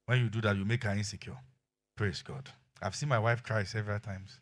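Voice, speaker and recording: A middle-aged man with a Nigerian accent preaching a sermon as pastor, telling animated stories and acting out quotes. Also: on the low side, fairly quick. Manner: animated storytelling with acted quotes and laughter.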